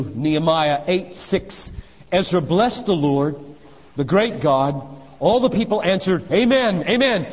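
A man preaching a sermon in a high voice. He presses hard on key phrases, then drops to a low, quiet tone. The recording is dull and carries a long reverb from a large hall. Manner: emphatic, swinging from loud exhortation to hushed low phrases.

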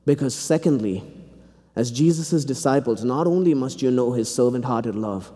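A man's voice: medium pitch, expressive, normal speed, warm tone. A man from India preaching a sermon in a seminary chapel, with earnest, rising, fervent appeals. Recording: long hall reverb.

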